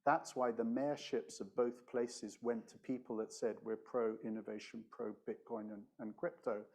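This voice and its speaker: A man on a conference panel who speaks in a measured way and slows down to stress his points. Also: mid-range voice, little pitch movement, darkish tone. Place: conference stage.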